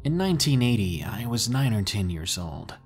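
A man narrating scary stories in a dramatic, drawn-out way, pausing for suspense. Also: on the low side, big pitch swings, a little mellow, breathy edge. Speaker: horror story narrator. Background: faint music.

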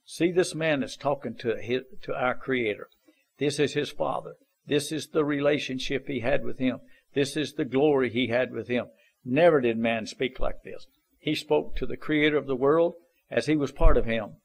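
A man's voice: mid-range voice, normal speed, vocal fry. A man preaching an informal sermon, earnest and exhorting, repeating his points in folksy, plain grammar.

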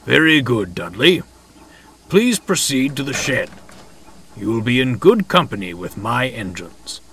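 A man's voice: medium pitch, very animated, unhurried, a bit bright, slight background noise. A man voicing a genial, proper male railway boss who speaks with kindly authority.

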